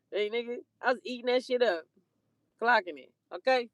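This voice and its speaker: A woman's voice: fairly high pitch, brisk, no echo. A woman telling a story in a casual, profane rant, swearing heavily and laughing between heated lines.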